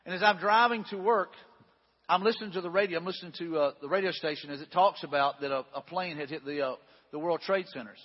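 A man's voice: a little high, fast talker, slightly rough. A man preaching a sermon, reading a scripture story aloud and adding folksy, conversational asides with frequent restarts. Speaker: pastor. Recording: dull sound with long hall reverb.

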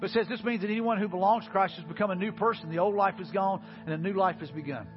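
A male pastor preaching an earnest sermon, often saying "man" and dropping to soft low tones when he makes his appeals. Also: quick pace, highs cut off, music in the background.

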